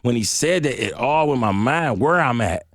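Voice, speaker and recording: Animated storytelling man from Detroit, dry sound. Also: medium pitch, normal speed, dry recording. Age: middle-aged. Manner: animated, slangy storyteller acting out voices. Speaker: guest. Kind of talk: storytelling in a radio interview.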